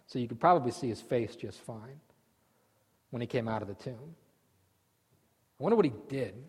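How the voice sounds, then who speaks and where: A man preaching a sermon as pastor, telling the story vividly and swinging from loud outbursts to hushed asides. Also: mid-range voice, animated, normal speed, breathy edge. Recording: long hall reverb.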